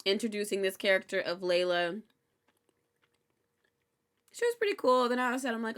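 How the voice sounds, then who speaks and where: Bright-voiced woman in casual chat. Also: fairly high pitch, fairly quick, long pauses. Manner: candid and animated, swearing freely. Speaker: host recapping a TV episode.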